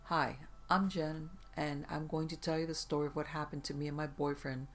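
A storyteller giving a steady, even reading of first-person tales, including a spooky one. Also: medium pitch, moderate pace, few pauses, slight background noise.

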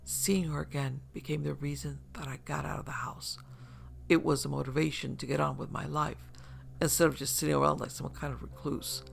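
A man telling a first-person story in a soft, measured voice that turns hushed at times. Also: on the high side, level tone, creaky, a little hiss or hum. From upstate New York. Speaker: narrator.

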